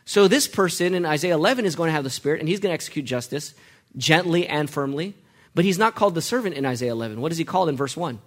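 A man's voice: a little high, lively intonation, fast. A man preaching a sermon, asking the congregation questions as he goes and letting them call out the answers. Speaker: pastor.

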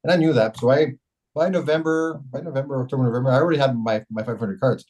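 A man's voice: mid-range voice, quick pace, a little mellow, low-quality recording. A middle-aged man from Canada being interviewed as a mayor, telling long rambling stories full of restarts and self-corrections. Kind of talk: casual storytelling interview.

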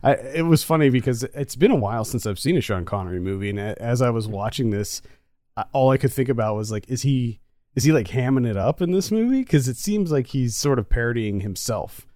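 A man co-hosting a casual movie review chat, talkative and quick to laugh. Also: medium pitch, animated, warm tone, dry recording, studio quality. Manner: chatty, laughs easily. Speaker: podcast co-host.

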